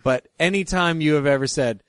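A man's voice: a little high, a little fast, clear, resonant tone, no echo, studio quality. A man co-hosting a podcast, joking and mock-outraged in casual comedic commentary. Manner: animated, jokey, mock-outraged. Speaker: podcast co-host.

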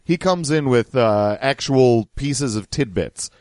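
A man talks through a subject on his podcast, patient and wry, with casual cursing thrown in. His pitch moves around a lot as he explains. The sound is dry and close, with no room in it. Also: lively intonation, slow, darkish tone, dry recording. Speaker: podcast host. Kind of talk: casual commentary.

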